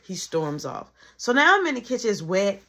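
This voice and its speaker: A woman with a mid-range voice tells a dramatic personal story for her vlog. She is animated and slangy, and keeps acting out the dialogue with "I'm like." Her pitch leaps around as she talks. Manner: animated, rapid slangy retelling full of "I'm like".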